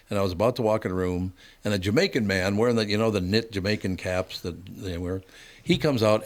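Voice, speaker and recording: An older man hosting a talk show, telling a story in a casual way and chuckling through his punchlines. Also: deep voice. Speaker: host.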